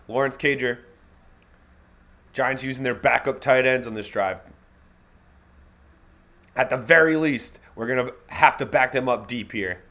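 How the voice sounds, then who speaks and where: A man hosting a live fan reaction stream, calling the game play by play in a casual, wisecracking way with slang and quick self-corrections. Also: mid-range voice, fairly bright tone.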